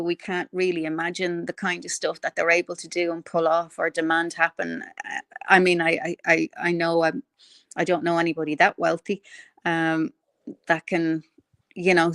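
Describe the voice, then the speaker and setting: In a dry, clean studio recording, a woman with a fairly low-pitched voice hosts a casual livestream. Blunt and opinionated, she rambles while thinking aloud and replying to viewer comments.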